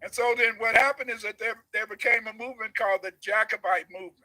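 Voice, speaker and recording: A man giving a preachy, emphatic livestream lecture who builds to shouts. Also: sits high, fairly even intonation, fast talker, rough recording. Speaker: guest lecturer. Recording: background noise.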